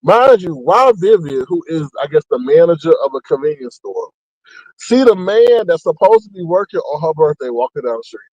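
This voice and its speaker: A man hosting a casual gossip commentary, talking in a mocking, animated way and acting out what people said. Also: moderate pace, no room sound, highs cut off. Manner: animated, mocking, acts out quotes with big pitch jumps. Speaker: commentary channel host.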